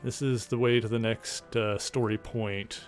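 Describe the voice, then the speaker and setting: Faint music plays behind this man as he streams a game, his fairly low voice steady and unhurried. His casual commentary rambles along, packed with fillers and a swear word here and there.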